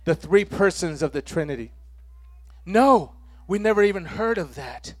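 Man, pastor, sermon, high-pitched, call-and-response, dry close sound. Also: lively intonation, normal speed, dry recording. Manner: call-and-response preaching, frequent "amen?", rising to near shouts.

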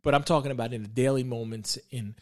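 A man's voice: medium pitch, steady tone, quick pace. A man in his thirties talking earnestly and reflectively about faith, often repeating himself and restarting his words. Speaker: podcast guest sharing faith reflections. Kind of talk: reflective devotional talk.

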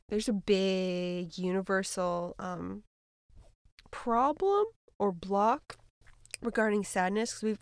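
A woman in her thirties hosting a spiritual podcast, talking in an earnest, hesitant way with many fillers, sometimes dropping to a soft near-whisper. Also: mid-range voice, no room sound, studio quality. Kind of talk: casual reflective monologue.

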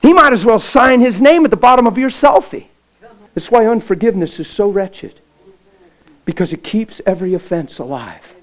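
A pastor preaching a sermon with stories, impassioned and folksy, swinging from loud to hushed. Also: male voice, sits high, animated, normal speed, low-quality recording. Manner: folksy, plain-spoken. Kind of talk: sermon with storytelling.

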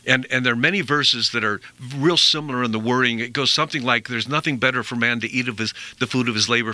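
A man's voice: medium pitch, sharp tone, dry recording. A middle-aged man hosting a radio health show, talking earnestly and rambling a little, often repeating himself. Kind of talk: conversational health talk.

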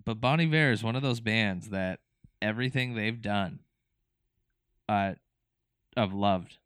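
Laid-back man with a smooth, low voice. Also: a little slow, fairly bright tone, no echo, clean studio sound. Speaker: podcast co-host. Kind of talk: casual chat.

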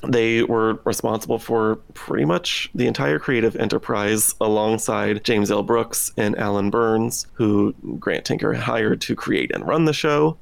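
A man's voice: on the low side, creaky, no echo. A man co-hosting a podcast, talking thoughtfully in a casual discussion with some dry sarcastic humor. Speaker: podcast co-host.

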